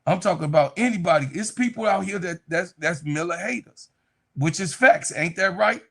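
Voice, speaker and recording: A man hosting a casual sports live stream, reading chat aloud, excitable and profane, often breaking into laughter. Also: high voice, normal speed, gravelly, husky.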